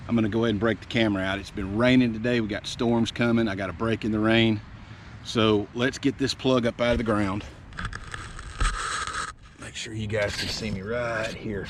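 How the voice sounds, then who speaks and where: A man vlogging his metal detecting dig in a town yard, talking casually to the camera and getting excited over his finds. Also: medium pitch, background noise. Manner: excitable, exclaims and repeats himself. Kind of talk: casual vlog narration while digging outdoors. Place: outdoors in a town yard, rainy day.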